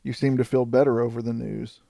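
A man voicing a stern, cool-headed male frontier scout in an audiobook, speaking in a measured way. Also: medium pitch, level tone, gravelly, warm tone, no echo, clean studio sound.

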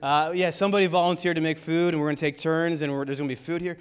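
A man's voice: on the high side, fairly even intonation, rapid-fire, clear, resonant tone. A man preaching a sermon as pastor of a church, building intensity with rhetorical questions.

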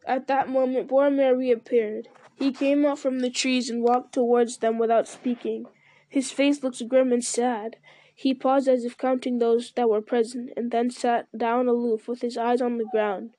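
A woman reading a fantasy novel aloud in a steady storytelling manner, with occasional slips. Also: a little high, normal speed, no room sound. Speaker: reader.

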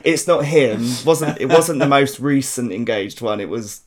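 A South London podcast host with a medium-pitched, lively voice talks a little slowly as he tells stories. The chat is casual and full of swearing and frequent laughter, all in his South London accent.

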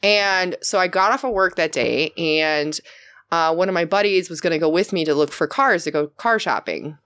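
A woman in her thirties, a podcast guest, telling stories in casual chat and swinging into loud, shouted retellings. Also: lowish voice, normal speed, clear, resonant tone.

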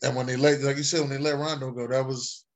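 A man hosting a podcast in casual chat, speaking haltingly with frequent restarts. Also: mid-range voice, little pitch movement. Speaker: host.

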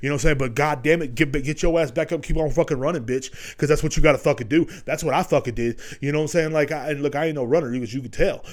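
A man's voice: on the high side, fast, few pauses. A young man hosting a podcast, giving a profane, rambling motivational monologue, full of swearing and constant "you know what I'm saying". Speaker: podcast host.

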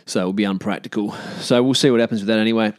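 An Australian man hosts his own podcast, chatting casually and frankly on his own, rambling with many restarts and fillers. His voice is fairly low and steady, he talks very fast, and the studio-quality recording has no room sound.

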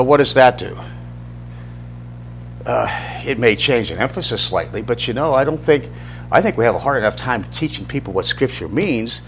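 A man's voice: medium pitch, a little hiss or hum. Middle-aged man teaching a church Bible class. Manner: conversational, asks the class questions, restarts sentences.

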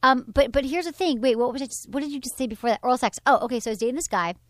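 A woman's voice: high-pitched, very fast, no room sound. A woman hosting a sex and dating advice talk show, speaking frankly and with animation. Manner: frank, animated, reads from her blog. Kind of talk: casual advice chat.

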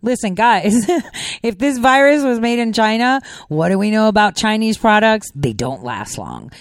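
A woman's voice: a little high, normal speed, smooth, dry recording, clean studio sound. A middle-aged woman hosting a political podcast, giving sarcastic, rambling commentary in a conversational way. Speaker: podcast host.

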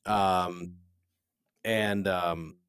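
A man's voice: sits low, steady tone, extremely slow, fairly bright tone, clean tone, no echo, studio quality. A man in his forties, a business owner, telling a candid story in an interview with emphatic restarts. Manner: earnest, repetitive restarts, emphatic.

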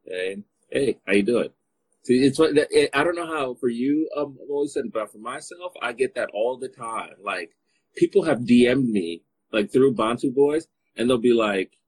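Husky-voiced teasing man hosting. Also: mid-range voice, animated, moderate pace, rough recording. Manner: playful, teasing, rambling with fillers. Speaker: live stream host. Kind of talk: casual chat.

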